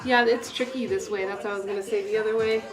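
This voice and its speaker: A young adult woman hosting a casual livestream from her tea room, chatty and bubbly, quick to laugh and apologize. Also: medium pitch, fairly even intonation, over music. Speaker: tea stream host.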